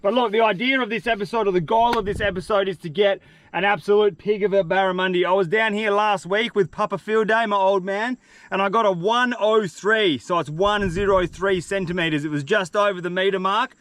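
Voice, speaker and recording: A young man with an Australian accent, vlogging his fishing trip outdoors in the bush, excitable and slangy. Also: sits high, brisk, dry recording. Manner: excitable, slangy, swears freely. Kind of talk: outdoor vlog talking to camera.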